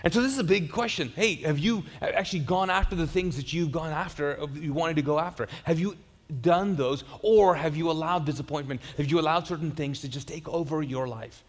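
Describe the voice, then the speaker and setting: A man's voice: fairly high pitch, brisk. A male pastor preaching a sermon, telling a story with acted-out voices and joking with his congregation. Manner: animated storytelling, acts out voices in anecdotes. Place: large church hall. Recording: reverberant church hall.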